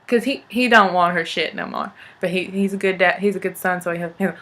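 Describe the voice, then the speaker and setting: A woman's voice: on the low side, steady tone, fast talker, few pauses, fairly bright tone. A young woman, chatting casually as she tells a family story, laughing and acting out what relatives said. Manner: chatty, laughing, acts out family members' lines. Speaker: vlogger.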